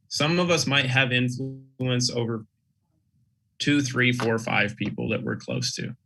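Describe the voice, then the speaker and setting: A man's voice: mid-range voice, bright, forceful tone, poor audio. A man presenting on a video call, talking through ideas in a rhetorical way and often adding "right?". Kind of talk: casual business talk.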